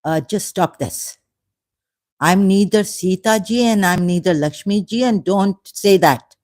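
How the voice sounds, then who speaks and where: A woman hosting a live stream, slowly and indignantly scolding commenters in the chat. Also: mid-range voice, darkish tone. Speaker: channel host answering live chat.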